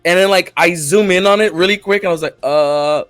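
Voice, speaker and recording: A man's voice: sits high, brisk, fairly bright tone, no room sound, faint music behind. A man co-hosting a podcast, telling a story in a rambling, laughing way, often restarting his sentences. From grew up in Florida. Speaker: podcast co-host. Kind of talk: casual storytelling chat.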